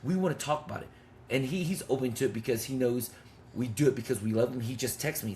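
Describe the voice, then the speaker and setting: A man's voice: mid-range voice, fast talker, darkish tone, a little hiss or hum. A man in his fifties telling a personal story with intensity and blunt, swearing talk, as a men's ministry leader. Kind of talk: testimony in conversation.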